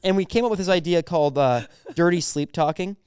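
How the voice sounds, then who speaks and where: A young man with a high, smooth voice riffs through comedy bits, laughing as he goes. The sound is close and dry. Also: a little fast, a little mellow, no echo. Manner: giggly, riffing through bits with quoted voices. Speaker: podcast co-host. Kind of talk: casual comedy chat.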